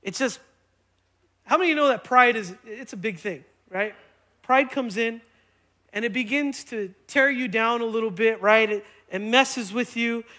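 A man preaching a sermon in church, energetic and conversational, often checking in with the congregation. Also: very high voice, normal speed. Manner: energetic, conversational, keeps asking "right?". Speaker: pastor. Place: church sanctuary.

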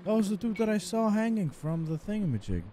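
A man's voice: high-pitched, sing-song, fast, noisy background. A young man giving offhand, mumbled commentary while playing a video game. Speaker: let's play gamer. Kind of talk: casual gameplay commentary.

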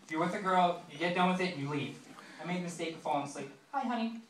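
This stand-up comedian, a man in his twenties, speaks in a slightly high, steady tone as he works the comedy club stage. His delivery is quick and loose, packed with fillers and chatty asides aimed at the audience. Captured from far off, the sound is roomy and noisy.

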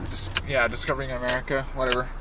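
A man's voice: medium pitch, completely flat delivery, fast. A young man talking to himself while driving, rambling and joking, recorded from a distance with road noise behind. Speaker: vlogger. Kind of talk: casual talk while driving. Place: in a car.

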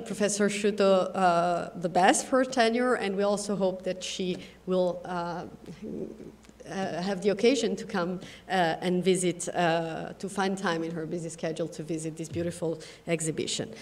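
A woman's voice: fairly low pitch, fairly even intonation, moderate pace. Italian woman giving welcome remarks. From Milan, Italy. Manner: warm, with frequent fillers. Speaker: consul general. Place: event hall. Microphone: podium microphone.

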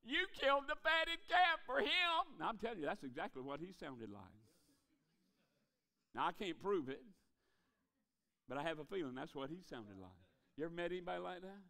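A man preaching a revival sermon in a church, folksy, calling for amens and dropping to a hush to stress a point. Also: on the high side, lively intonation, brisk, gravelly, long pauses. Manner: folksy, calls for amens, drops to a hush for emphasis.

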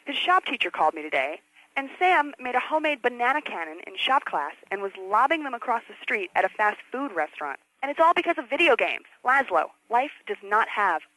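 A woman's voice: fairly high pitch, sing-song, a little fast, sharp tone, full character voice, poor audio. An actress playing an indignant mother who calls a radio show to complain about video games. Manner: preachy, indignant. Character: fretful middle-aged mother caller, moralizing about games.

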